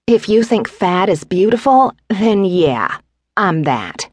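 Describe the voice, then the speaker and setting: A woman's voice: lowish voice, big pitch swings, extremely slow, no echo, full character voice. A woman narrator voicing a stressed, snappish pregnant wife who complains in a raised, whiny voice. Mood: sarcastic. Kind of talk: audiobook character voice.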